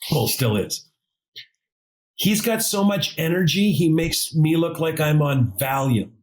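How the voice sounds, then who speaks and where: Lively, higher-voiced man telling a story. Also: a little slow, poor audio. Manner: animated, acts out dialogue in quotes, jokey asides. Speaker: podcast guest, advisor consultant. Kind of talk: casual storytelling interview.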